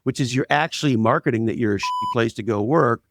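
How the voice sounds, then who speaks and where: A man's voice: medium pitch, fast talker, noisy background. A man speaking as an interview guest in a blunt, emphatic way, driving his points home with anecdotes. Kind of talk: conversational interview, storytelling.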